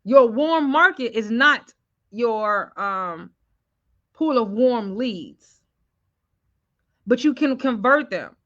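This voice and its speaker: A woman's voice: on the high side, animated, takes it slowly, long pauses, a bit bright, lo-fi sound. A woman sales coach talking on a live stream, often stopping to ask viewers whether it makes sense. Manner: keeps checking in with viewers.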